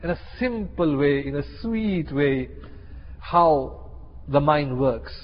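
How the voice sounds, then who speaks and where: Brief: husky, fairly high-voiced male preacher, animated storyteller, dull hall recording. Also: slow pace, a little hiss or hum. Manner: animated, acts out characters in a story. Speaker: Islamic teacher. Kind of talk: sermon with storytelling.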